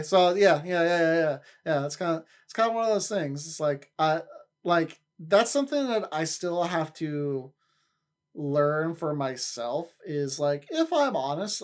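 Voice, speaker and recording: A livestreamer in casual chat with viewers, rambling, often repeating and restarting words, and laughing easily. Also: medium pitch.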